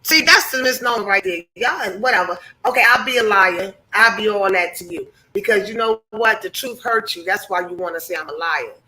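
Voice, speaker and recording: A woman's voice: mid-range voice, fairly quick, few pauses, sharp tone, rough recording. A woman hosting a livestream, giving heated, blunt commentary full of profanity and preaching to her chat viewers. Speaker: livestream host.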